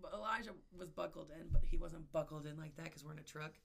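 A woman co-hosting a podcast, telling a story in casual chat, animated, swearing and laughing as she acts out the people in it. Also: low-pitched, fast, creaky. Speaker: podcast co-host.

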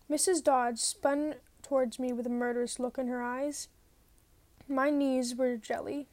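A woman reading a novel aloud, telling it in a lively first-person way. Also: sits high, no echo. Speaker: reader.

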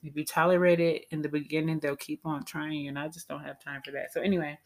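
A woman's voice: low-pitched, little pitch movement, fast, background noise. A woman telling a personal story in a casual, candid, chatty way that often breaks into laughter.

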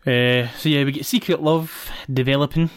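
A woman's voice: rumbling low, steady tone, moderate pace, dry recording. Scottish woman going over a film plot, giggly, rambly, dead dry mic. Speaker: podcast co-host. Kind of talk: casual film recap chat.

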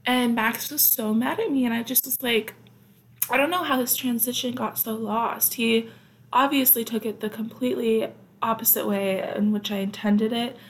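A woman's voice: a little high, fairly even intonation, moderate pace. A young American woman hosting her own podcast, telling stories in a chatty, rambling way with lots of fillers and asides. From United States. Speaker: podcast host. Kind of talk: casual storytelling.

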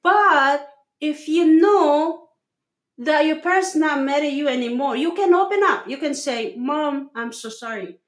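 Earnest mother, halting and echoey. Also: high voice. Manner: earnest, halting, restarts, soft tender asides. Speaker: mother sharing parenting views. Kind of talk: casual conversation.

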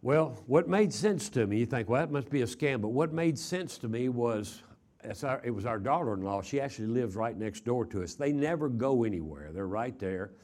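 Older guy from texas preaching in chapel, folksy, lots of uh's and repeats, middle pitch. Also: animated, normal speed, darkish tone. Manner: folksy, repeats words, many uh fillers. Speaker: traveling preacher. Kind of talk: chapel sermon with storytelling.

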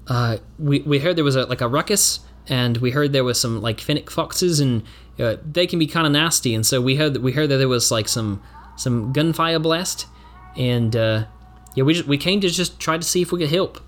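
A man's voice: mid-range voice, moderate pace, lightly acted. A man voicing a friendly, laid-back male wasteland wanderer in an attempted Australian or New Zealand accent, reassuring and hesitant.

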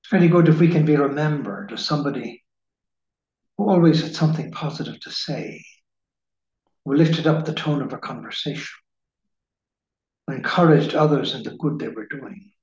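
A man giving a slow, measured spiritual reading in the manner of a preacher. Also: a little high, a little mellow. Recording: echoey room, dull lo-fi sound.

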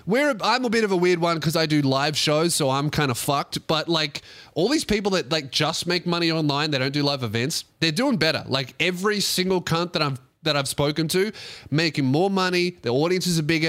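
A young man with an Australian accent and a notably high speaking voice, hosting a casual podcast. He rants sarcastically and swears freely as he talks. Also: fairly bright tone. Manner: profane, ranting, sarcastic. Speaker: podcast host and comedian.

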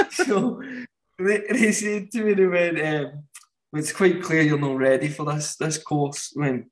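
A man, a podcast guest telling animated anecdotes and laughing often. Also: a little high, poor audio. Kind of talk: casual storytelling.

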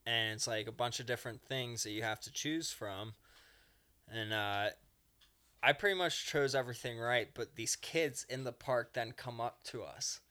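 A man's voice: medium pitch, moderate pace, pushed and bright. A man co-hosting a podcast in casual chat, rambling through a story and acting out characters in passing. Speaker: podcast co-host.

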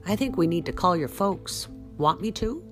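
A woman voicing an older, brisk and kindly woman who talks in homespun, folksy phrases. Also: fairly low pitch, expressive, soft background music, voice pushed up, natural voice. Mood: caring, brisk.

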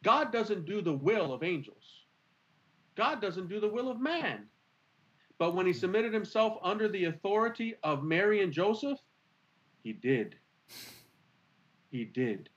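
An earnest, expressive man talks through his ideas in a conversation, leaning on rhetorical questions. His voice sits a little high and swings widely in pitch. The recording is slightly muffled and lo-fi. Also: moderate pace. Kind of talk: animated conversational teaching.

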